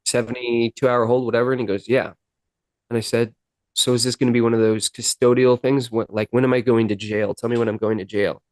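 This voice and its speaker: A man's voice: medium pitch, level tone, fairly quick, dry recording. A man, a podcast guest and musician, earnestly retelling his recovery story in a sit-down interview, acting out the dialogue and near tears at times.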